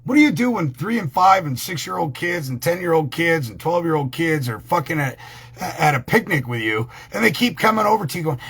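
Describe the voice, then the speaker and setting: Brief: profane male host, husky voice, pitch swings wide, rambling and heated. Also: lively intonation, a little fast, fairly bright tone. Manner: rambling, crude, heated and emphatic. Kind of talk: profane ranting talk.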